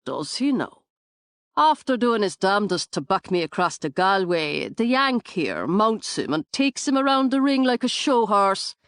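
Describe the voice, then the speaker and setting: A man's voice: high voice, sing-song, measured pace, a bit bright, smooth, no room sound, heavily acted. A woman narrator voicing a blunt stable owner, dry and matter-of-fact.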